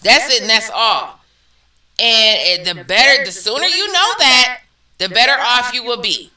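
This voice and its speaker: A woman's voice: on the high side, expressive, a little slow, bright, forceful tone, distant mic. A woman vlogger reading out and reacting to viewer comments in a blunt, slangy, emphatic way, laughing often. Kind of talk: casual commentary. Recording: echoey room, off-mic.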